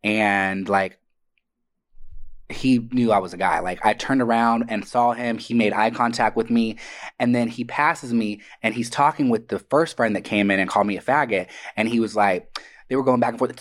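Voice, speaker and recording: A young man telling personal stories in a casual podcast chat, animated and profane, acting out quoted voices. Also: mid-range voice, moderate pace. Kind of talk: casual storytelling. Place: Atlanta area.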